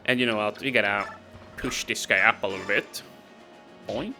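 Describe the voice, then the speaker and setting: A man giving casual let's-play commentary, chatty and talking to himself as he plays. His voice is bright and forceful. Faint game music runs in the background. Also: fairly low pitch, normal speed, gravelly. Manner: casual, exasperated, talks to himself. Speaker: gaming video host.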